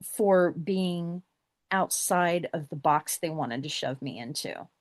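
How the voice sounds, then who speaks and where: A woman's voice: deep voice, animated, takes it slowly, dry recording, studio quality. A middle-aged woman telling a personal story as a podcast guest, acting out the exchanges she recounts.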